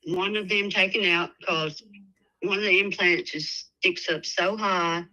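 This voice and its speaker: Slow, soft-spoken Tennessee woman caller. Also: fairly low pitch, steady tone, rough recording. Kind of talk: phone call to a show.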